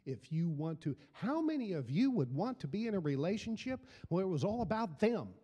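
A man's voice: sits high, very animated, moderate pace, mellow, long reverb tail. A middle-aged man preaching a sermon as pastor, building emphasis through repeated phrases. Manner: preaching with rising emphasis and repetition.

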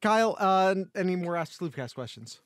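A man co-hosting a casual sports podcast, talking in a rambling, joking way full of restarts. His voice sits a little high. It is recorded close and dry, with no room sound. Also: expressive, brisk, dry recording. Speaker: podcast co-host. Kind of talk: casual chat.

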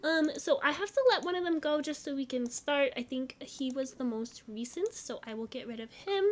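A young woman talks through a life-sim game in relaxed running commentary, gushing over what she sees. Her voice sits high, and she often drops into soft murmured asides. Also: moderate pace. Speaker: gaming channel host.

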